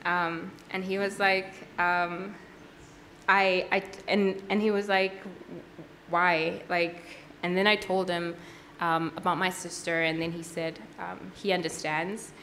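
Woman, low-ish voice, church testimony, earnest and halting, faint room noise behind. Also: level tone, a bit bright. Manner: earnest, halting, with frequent fillers and restarts. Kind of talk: personal testimony at a worship service.

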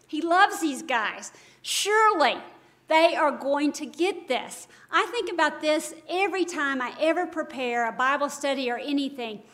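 A woman's voice: high-pitched, expressive, unhurried, fairly bright tone. A woman giving a devotional Bible teaching, earnest and emphatic, full of rhetorical questions.

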